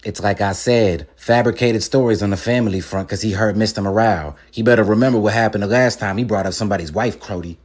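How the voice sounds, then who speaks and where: A man's voice: fairly low pitch, fast talker, hardly any pauses, a little mellow, pitched below the performer's own voice, close to an everyday voice. A man doing a comedy impression of a cocky male rap star who brags and trash-talks with heavy profanity. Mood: defiant. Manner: boastful, trash-talking, profane.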